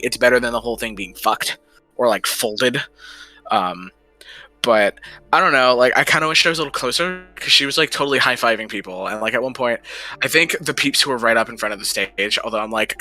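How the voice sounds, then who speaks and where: A man's voice: medium pitch, pushed and bright. A man livestreaming, chatting casually in a rambling way and swearing freely. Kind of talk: casual chat.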